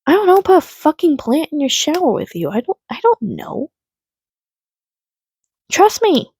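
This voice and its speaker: A woman ranting on her vlog from home, rambling and swearing, swinging from low mutters to loud, exasperated outbursts. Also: big pitch swings, fairly quick. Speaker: vlogger.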